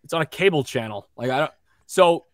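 High-voiced goofy man riffing. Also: lively intonation, a little fast, no echo. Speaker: podcast co-host. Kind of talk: casual comedic banter.

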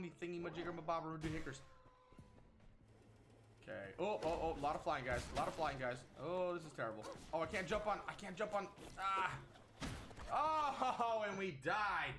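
A man giving casual, excitable commentary while playing a game at home, exclaiming often and talking to himself. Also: sits high, normal speed. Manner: excitable, frequent exclamations, self-talk. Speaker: gaming channel host. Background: game music.

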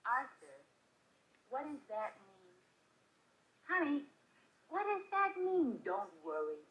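A woman's voice: sits high, huge pitch swings, slow pace, fairly bright tone, exaggerated voice. A guilt-tripping, nagging mother. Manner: nagging, melodramatic, self-pitying. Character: doting, guilt-tripping middle-aged mother. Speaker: comedy sketch performer. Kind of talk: vintage comedy sketch acting. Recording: old lo-fi record with hiss, roomy.

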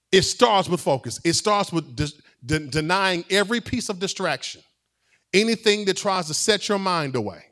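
A male pastor delivers his sermon in a high, animated voice that swoops up and down. He talks to the congregation like friends, with playful asides, and calls for them to answer back. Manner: conversational preaching with playful asides and call-and-response.

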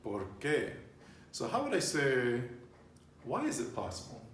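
A man's voice: mid-range voice, wildly swooping pitch, unhurried, a bit bright. A man teaching a casual Spanish lesson, patiently prompting his learner and repeating her answers. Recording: roomy, distant mic with faint noise.

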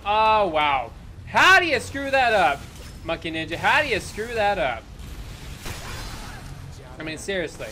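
A man hosting a gaming channel, giving loud, jokey, swearing commentary while he plays. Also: high voice, sing-song, a little slow, long pauses, some chatter behind, a little hiss or hum. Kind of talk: energetic gameplay commentary.

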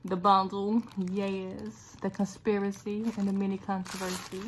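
Speaking in a mid-range voice with a level tone and measured pace, a woman unboxes makeup on her phone camera for a vlog. She gushes, laughs, and repeats herself in casual, excited chat, with slight background noise present.

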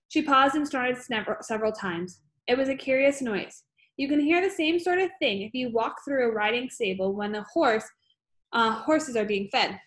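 Brief: woman storybook narrator, fairly high pitch, steady reading. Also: moderate pace. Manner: steady reading with some slips and fillers. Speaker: audiobook reader.

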